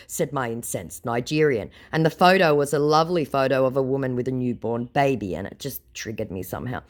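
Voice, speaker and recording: A woman's voice: a bass voice, fairly quick, few pauses. A woman telling a funny story in a sarcastic, mocking way. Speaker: narrator. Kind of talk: comedic storytelling.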